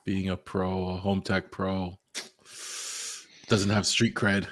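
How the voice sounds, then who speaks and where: A man's voice: low voice, flat delivery, slow pace, fairly bright tone, no echo. A man co-hosting a home tech podcast, joking around in laid-back casual chat. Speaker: podcast co-host.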